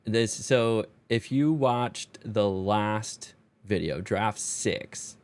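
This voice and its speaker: A man's voice: on the low side, very slow, a little mellow. Exasperated self-mocking man commentating. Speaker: streamer. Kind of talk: voice-over commentary on a card game.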